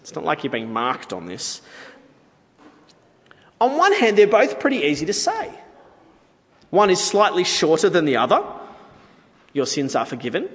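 A man's voice: a little high, wildly swooping pitch, moderate pace, pauses often, in a large hall. A man preaching a sermon in a conversational, playful way, with asides to the audience.

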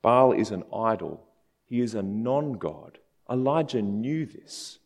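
Animated male preacher in a reverberant hall. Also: on the low side, slow pace. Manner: conversational and animated, with casual asides. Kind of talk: sermon.

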